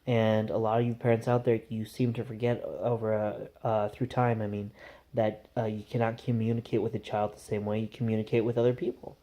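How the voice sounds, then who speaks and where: Mellow-voiced man vlogging a rambling story. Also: lowish voice, level tone, a little fast. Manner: rambling, conversational. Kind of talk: casual storytelling to camera.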